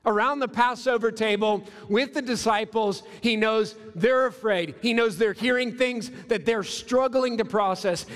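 Pastor in his 30s, high voice, chatty sermon delivery with long church reverb. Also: a bit bright. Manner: conversational, builds through repeated phrases. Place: church sanctuary.

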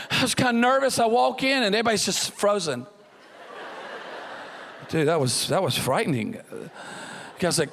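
Preacher, man, high and animated, church reverb; storyteller who acts out characters. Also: normal speed, gravelly, long pauses, a little hiss or hum. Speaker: pastor. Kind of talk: sermon with humorous story. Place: church hall. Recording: long church hall reverb.

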